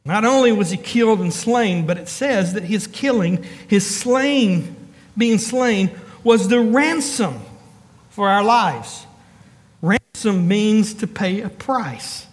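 A very high-voiced man preaches as pastor in a large hall, working through emphatic lists and addressing the congregation directly. His style mixes quick asides with calls that climb in emphasis.

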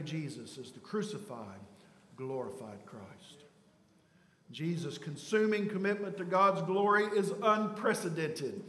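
Male pastor, high-pitched, emphatic sermon delivery; reverberant sanctuary sound. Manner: emphatic preaching, swings from loud to hushed. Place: church sanctuary. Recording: echoey church hall.

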